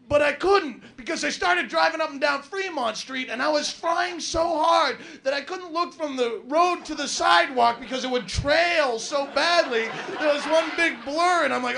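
A man doing a stand-up routine, telling a profane, rambling story with sudden shouted outbursts. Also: very high-pitched, moderate pace, creaky, few pauses. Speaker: stand-up comedian.

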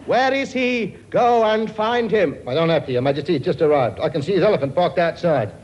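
A man's voice: a little high, expressive, highs cut off, a crowd in the background, close to an everyday voice. A man playing a bossy, jokey king who fathers dozens of children, in a stage comedy sketch. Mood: bossy, jovial. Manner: brisk, blustering and jokey. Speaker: comic lead in a sketch. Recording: audience laughter behind voice.

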